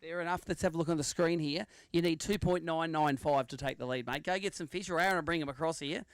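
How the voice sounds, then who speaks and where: A man's voice: on the high side, fast talker, clean tone, dry recording. A man with an Australian accent hosting a live fishing weigh-in outdoors, chatty and joking as he reads out weights and standings. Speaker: weigh-in emcee.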